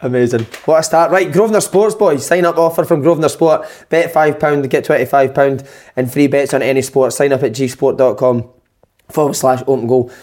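A man's voice: mid-range voice, fairly quick, darkish tone. A Scottish man hosting a football podcast, teasing his guests in casual chat. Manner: teasing, banterish. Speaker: podcast host.

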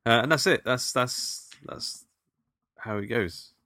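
A man's voice: medium pitch, slow pace, bright, forceful tone, no echo, clean studio sound. A man co-hosting a casual film podcast, reading out trivia questions and teasing his co-host. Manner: quizzing with playful banter.

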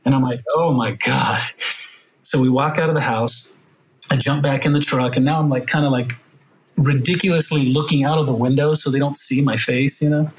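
A man's voice: mid-range voice, brisk, slight background noise, low-quality recording. Earnest middle-aged man telling a story. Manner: earnest, emotional, animated retelling with quoted voices. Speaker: podcast guest, firefighter. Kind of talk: storytelling in a podcast interview.

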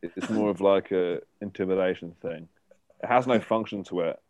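A man's voice: deep voice, normal speed, darkish tone. A man guest on a comedy podcast, rambling through jokes with lots of giggling. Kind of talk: casual comedic chat.

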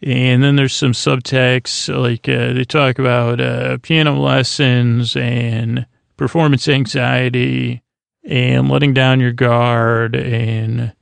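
A man hosts a sleep podcast, rambling through a recap with plenty of fillers and restarts. His voice is heavily gravelly and stays almost completely flat in pitch. The sound is close and dry, with no room around it. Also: slow pace, no room sound. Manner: low-key, drowsy delivery. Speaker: podcast host.

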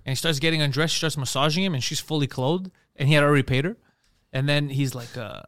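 A man, a comedian guest on a podcast, telling an animated, profane story and acting out the quoted lines. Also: on the high side, fast talker, no echo, clean studio sound.

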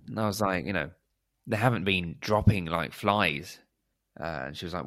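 Low male voice, casual storyteller, acts out quoted dialogue. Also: normal speed. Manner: animated, acts out quoted dialogue, laughs often. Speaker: podcast co-host, teacher.

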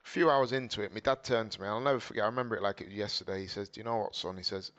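Earnest low-voiced man. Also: fairly even intonation, very fast, fairly bright tone. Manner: earnest, emotional, repeats phrases and quotes his dad. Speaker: guest, former footballer turned boxer. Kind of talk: candid conversational storytelling. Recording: dull lo-fi audio.

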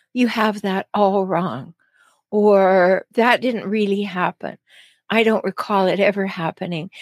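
A woman's voice: mid-range voice, no room sound. Woman coach talking straight into the mic, earnest, repeats her points, no room sound at all. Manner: earnest, emphatic, repeats key phrases. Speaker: relationship coach and podcast host. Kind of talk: solo advice podcast talk.

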